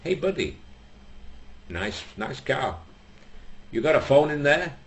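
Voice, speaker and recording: A cheeky, bragging driver with a brash and chummy manner, as a male comedian puts him on. His voice jumps up high from the teller's usual tone. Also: lively intonation, fast talker, a little hiss or hum, close to an everyday voice. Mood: cocky. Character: cheeky, boastful man driving a cheap car.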